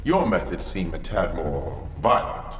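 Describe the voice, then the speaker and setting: Lex Luthor, calm menacing mastermind. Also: male voice, deep voice. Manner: calm, measured, quietly threatening. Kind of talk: animated series voice acting. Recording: cartoon clip with reverb and music.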